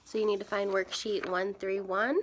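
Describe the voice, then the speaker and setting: A young adult woman teaching a phonics lesson to young children, speaking clearly and encouragingly. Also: mid-range voice, level tone, normal speed, a little hiss or hum.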